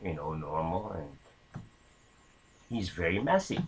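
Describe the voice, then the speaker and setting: A man's voice: low-pitched, lively intonation, slow pace, slight background noise, poor audio. A man casually telling a long anecdote, rambling with many fillers and restarts. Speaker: storyteller.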